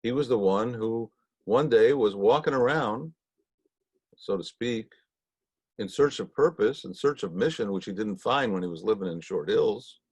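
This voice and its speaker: A man leading a Torah study, telling stories in a folksy, conversational way with frequent pauses. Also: lowish voice, expressive, darkish tone, slightly rough, no room sound. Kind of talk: storytelling talk.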